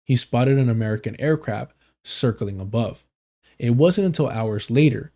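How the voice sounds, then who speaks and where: Male streamer, mellow and warm, reads news aloud with blunt casual asides. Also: mid-range voice. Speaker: live streamer. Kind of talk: casual live stream commentary.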